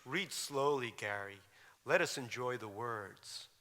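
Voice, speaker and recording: A man voicing a kind young woman teacher who speaks gently and encouragingly. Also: medium pitch, slow. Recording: lecture hall reverb.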